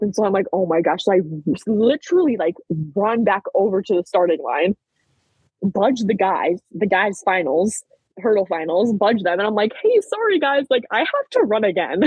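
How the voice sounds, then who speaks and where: A young woman in her late teens, a podcast guest, chatting and retelling events in a lively way full of "like". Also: mid-range voice, moderate pace, breathy edge, no room sound, rough recording. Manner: chatty, peppered with "like", animated retelling. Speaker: podcast guest, track athlete. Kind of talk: casual storytelling interview.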